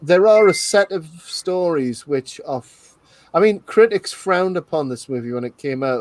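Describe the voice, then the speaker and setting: A man hosting a live film commentary, chatting casually and slowing down to make his points. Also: on the high side, animated, dry recording. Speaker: host of live movie commentary.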